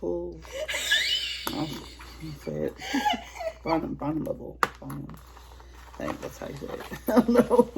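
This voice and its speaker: A woman's voice: low voice, huge pitch swings, unhurried, creaky, pauses often, noisy background. A woman vlogger chatting casually while unboxing a toy, giggly and rambling.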